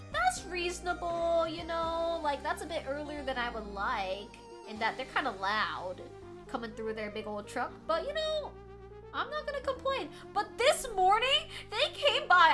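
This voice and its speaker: A woman streamer chatting casually with her viewers from a room at home while doing crafts, animated and swearing freely as she reacts loudly to chat. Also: sits high.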